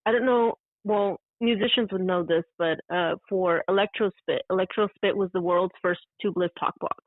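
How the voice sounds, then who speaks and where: A woman's voice: mid-range voice, steady tone, moderate pace, dry recording. A woman calling in to a show, chatting casually and laughing easily, heard over a phone line. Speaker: guest caller. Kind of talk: casual chat. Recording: dry tinny phone line.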